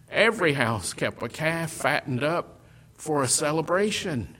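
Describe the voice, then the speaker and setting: A man delivers a sermon at an unhurried, deliberate pace. His voice sits a little high and moves between loud declarations and hushed, almost whispered lines. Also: expressive. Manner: slow, deliberate phrasing. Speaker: preacher.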